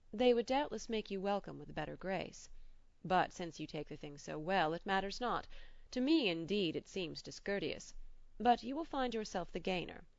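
A woman's voice: fairly low pitch, creaky, dry recording, highs cut off. Woman reading as a wry polite doctor. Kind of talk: audiobook character reading.

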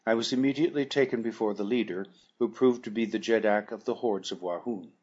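Husky-voiced male audiobook narrator. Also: lowish voice, a little mellow, highs cut off. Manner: measured, formal storytelling. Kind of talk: scripted narration of a classic adventure novel.

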